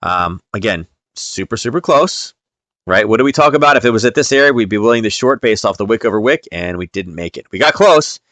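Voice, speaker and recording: A man's voice: on the low side, expressive, fairly quick, fairly bright tone, no echo. A man hosting a live trading stream, walking through charts in a chatty, step-by-step way with frequent ums.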